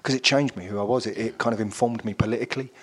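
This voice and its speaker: A man's voice: fairly low pitch, steady tone, racing, slightly rough. A middle-aged man, chatting casually as a guest and rambling through stories with lots of fillers. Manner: rambling storyteller with many fillers. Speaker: actor guest. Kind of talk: casual chat.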